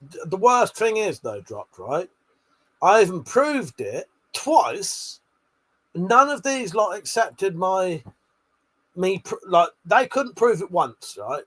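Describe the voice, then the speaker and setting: A man's voice: high voice, big pitch swings, unhurried, fairly bright tone, husky. A man hosting a late-night livestream, chatting with viewers while he swears a lot, laughs often and bickers. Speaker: livestream host.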